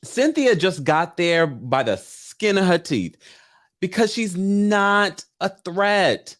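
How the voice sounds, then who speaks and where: Chatty male livestream host, animated delivery, voice sits a bit high, reads viewer comments aloud. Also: slow. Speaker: live-stream recap host. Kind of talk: casual livestream chat.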